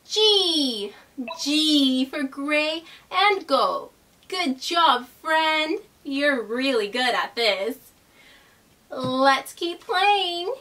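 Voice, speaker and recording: A young woman hosting a toddler learning video, talking in a slow, exaggerated, sing-song way. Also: high voice, animated, bright, forceful tone, far from the mic. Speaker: children's educational host. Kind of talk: teaching toddlers.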